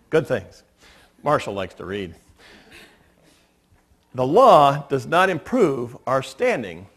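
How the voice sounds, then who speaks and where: Male pastor, sermon, lively swinging pitch, fairly high voice, chatty storytelling, church. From United States. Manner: conversational, anecdotal preaching with light humor. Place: church sanctuary.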